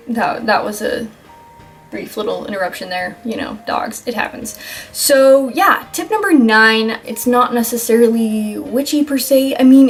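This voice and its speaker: A young woman talks through self-care tips in a loose, rambling vlog, joking at herself and swearing now and then. Her voice sits a little high. Faint music plays under her. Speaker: vlogger. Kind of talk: casual self-help vlog.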